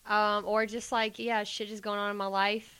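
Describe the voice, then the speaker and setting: A woman's voice: medium pitch, level tone, moderate pace, bright, forceful tone, smooth. Giggly Southern woman. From Georgia, US. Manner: giggly, easygoing, says "like" often. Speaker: guest, podcaster. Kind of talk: casual interview chat.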